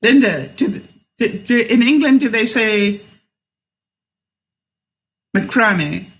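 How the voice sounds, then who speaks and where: A woman's voice: on the high side, moderate pace, poor audio. Chatty, rambling woman livestreaming. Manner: chatty and rambling, laughs often. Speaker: vlogger hosting a livestream. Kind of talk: casual livestream chat, reading viewer comments.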